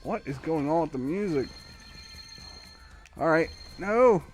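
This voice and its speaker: A man's voice: on the high side, lively intonation, slow, faint music behind. A man streaming a video game live, rambling to himself with wry, casual commentary as he plays. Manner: rambling, self-talking, wry.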